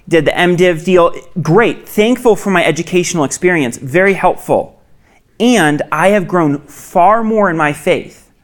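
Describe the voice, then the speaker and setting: A man preaching a sermon as a pastor, conversational and earnest, with quick asides and restarts. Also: a little high.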